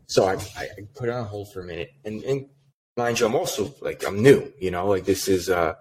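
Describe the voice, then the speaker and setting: A man's voice: lowish voice, fairly quick, a little hiss or hum. A man telling a work story in a casual podcast chat, with lots of fillers, acting out a phone call. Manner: animated, many fillers, acts out a phone call. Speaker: podcast guest, sales manager.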